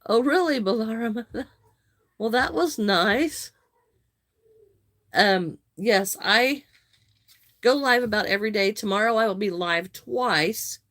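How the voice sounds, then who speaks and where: A woman hosting a live crochet stream, chatting with viewers, greeting and thanking them by name, with some halting restarts. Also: fairly high pitch, animated, fairly bright tone, no echo, clean studio sound. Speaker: livestream host.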